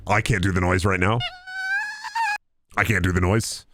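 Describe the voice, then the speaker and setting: A hoarse man chatting casually over gameplay, dropping deadpan jokes as a co-host on a stream. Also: low-pitched, moderate pace, heavy background noise.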